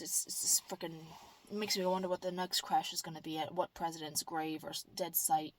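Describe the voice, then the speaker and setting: A woman's voice: fairly low pitch, flat delivery, brisk, no echo. A woman vlogger in casual chat, rambling and earnest, with lots of fillers and restarts. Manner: upbeat and earnest.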